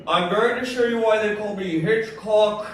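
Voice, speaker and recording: A man doing an impression of a stiff, formal older gentleman, speaking with pompous, overly proper diction. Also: high voice, normal speed, slight background noise, lightly acted. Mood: mock-dignified. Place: live comedy venue. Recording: echoey room from far off.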